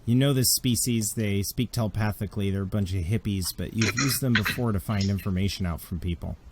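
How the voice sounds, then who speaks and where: A man's voice: on the low side, a little fast, background noise. A man narrating a tabletop role-playing game as game master, in a jokey, casual way. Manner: lively, jokey, swears casually.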